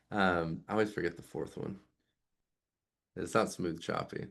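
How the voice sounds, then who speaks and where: A man's voice: deep voice, unhurried, creaky, long pauses. A man in his thirties, a music teacher explaining his method in casual talk and acting out sounds with his voice. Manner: animated, demonstrates sounds with voice play.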